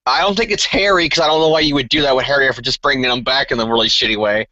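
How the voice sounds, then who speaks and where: A man co-hosting a casual comic book chat, animated and emphatic as he speculates. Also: medium pitch, rapid-fire, no room sound, dull audio. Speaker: co-host.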